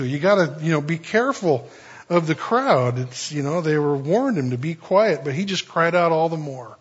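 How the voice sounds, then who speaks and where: A man preaching in a loose, rambling way, full of fillers and restarts. His voice sits a little high and sounds husky. The recording is dull and lo-fi. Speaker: pastor. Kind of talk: sermon.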